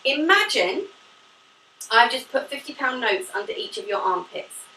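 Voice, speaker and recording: A woman's voice: a little high, sing-song, normal speed, bright, forceful tone. A woman teaching a pilates class, demonstrating the moves while she talks, upbeat and a little out of breath. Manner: upbeat, demonstrating while talking, laughs often. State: slightly out of breath from exercising. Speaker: pilates instructor. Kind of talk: live online fitness class instruction. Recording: echoey room, mic at a distance, faint hiss.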